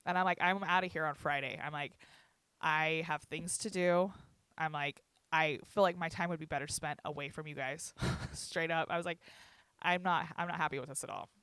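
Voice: medium pitch, steady tone, a little fast, few pauses, sharp tone, clear, resonant tone, no room sound. A young adult telling a personal story in casual chat, candid and profane, laughing often and quoting others. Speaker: guest recounting a hospital stay.

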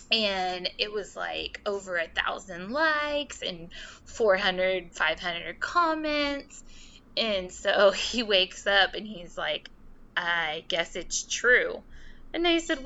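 A woman's voice: medium pitch, vocal fry. A young woman, a podcast guest, telling a story casually and acting out the voices of the people she quotes. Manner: animated, acts out quoted voices. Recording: slightly dull sound with faint noise.

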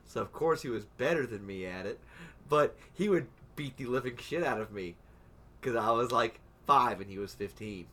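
A man's voice: medium pitch, lively intonation, moderate pace, sharp tone. A young man in casual chat with friends, stammering through restarts and swearing freely as he gets worked up.

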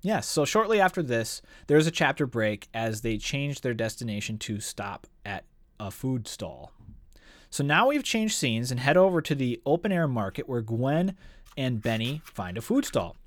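A man's voice: mid-range voice, very animated, moderate pace, no room sound. A man hosting a casual book discussion, enthusiastically summarizing chapters and reading passages aloud. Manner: enthusiastic, summarizes the plot and reads excerpts aloud. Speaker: book discussion podcast host. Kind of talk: casual book club chat.

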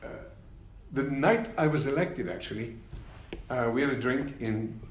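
An older man, a former party leader, telling anecdotes in an unhurried interview, with many fillers and wry laughs. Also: mid-range voice, echoey room, a little hiss or hum. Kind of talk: reflective interview conversation.

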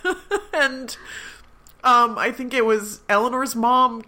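Bright voice, weeping while explaining. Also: medium pitch, fairly even intonation. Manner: earnest, apologetic, quick explaining. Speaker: podcast co-host. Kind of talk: casual chat.

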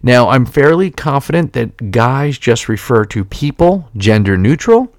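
A man's voice: medium pitch, big pitch swings, unhurried, a little mellow, dry recording, clean studio sound. A man hosting a podcast, telling casual rambling anecdotes with frequent restarts and laughter. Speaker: podcast host. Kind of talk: casual chat.

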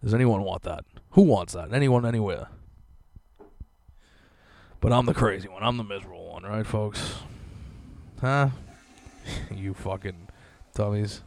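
Gravelly man ranting crudely. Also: lowish voice, measured pace, pauses often, a little mellow. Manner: sarcastic, crude, mocking voices of others. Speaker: podcast co-host. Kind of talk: profane comedic rant.

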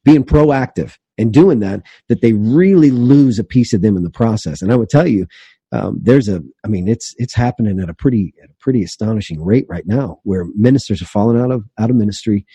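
A man's voice: on the low side, lively intonation, brisk, warm tone, breathy edge, no echo. A man hosting an interview, asking questions and rambling earnestly. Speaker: podcast host for preachers. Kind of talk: casual interview talk.

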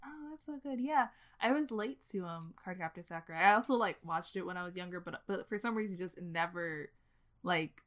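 A woman's voice: lowish voice, a little fast. A woman hosting a casual interview, often murmuring agreement and laughing along. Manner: warm listener, frequent agreeing murmurs. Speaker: host.

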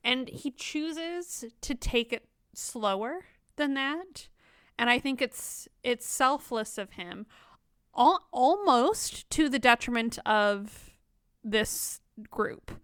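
A woman's voice: on the high side, lively intonation, takes it slowly, a bit bright, clean tone, no room sound, clean studio sound. A woman co-hosting a casual book discussion podcast, reading quotes aloud and playfully mimicking characters. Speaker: podcast co-host.

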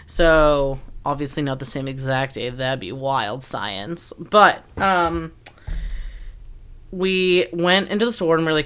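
A woman's voice: extremely low pitch, a little slow, fairly bright tone, clean tone. A young woman telling a childhood story in a chatty, jokey casual conversation full of fillers. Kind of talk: casual chat.

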